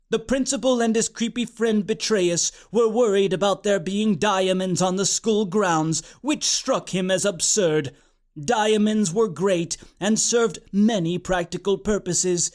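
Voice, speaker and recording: A man with a high voice reads a comic fantasy story aloud. His delivery is deadpan and brisk, and he lets the silly details land without fuss. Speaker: narrator. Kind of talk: comic audiobook narration.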